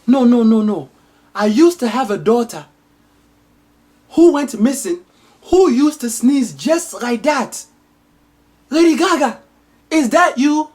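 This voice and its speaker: A woman's voice: on the high side, lively intonation, slow pace, long pauses, darkish tone, pitched above the performer's own voice. A woman voicing a tearful, overwrought queen mother who pleads and repeats herself. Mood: imploring.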